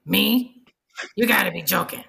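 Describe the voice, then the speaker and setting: A small class guinea pig with the rough, growling voice of a hard-living biker, put on by a woman reading aloud. He talks big and tough, loud and blunt, sure he is a big bad pig. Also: medium pitch, unhurried, heavily acted. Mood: indignant. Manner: growling, gravelly biker bluster.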